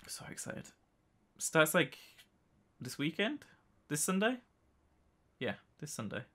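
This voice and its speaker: A man's voice: on the high side, very animated, takes it slowly, fairly bright tone. A British man hosting a casual, joking gameplay chat, rambling as he builds. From United Kingdom. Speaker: let's play host.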